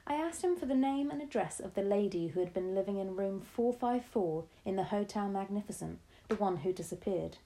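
A woman's voice: mid-range voice, lively intonation, brisk, hardly any pauses, mellow, close to an everyday voice, rough recording. Shrewd, determined grandmother, firm and knowing, as a woman reads her.

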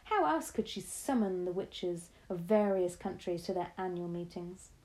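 A woman's voice: lowish voice, animated, moderate pace, dark tone, close to an everyday voice, poor audio. A woman voicing a shrewd, determined old grandmother who speaks firmly and knowingly. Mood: confiding.

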